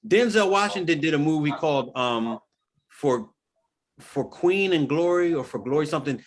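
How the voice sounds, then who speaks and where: A man's voice: a little high, lively intonation, moderate pace. A man co-hosting a casual group chat, telling stories animatedly with hesitant fillers. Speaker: co-host.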